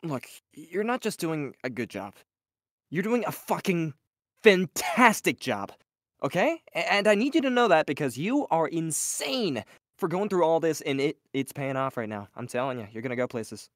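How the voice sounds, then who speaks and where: A woman's voice: a little fast, no echo, clean studio sound. A woman voicing an upbeat adult male gunslinger who is goofy and earnest, reading fan requests in character on a stream. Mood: encouraging. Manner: bursts of high excited pitch.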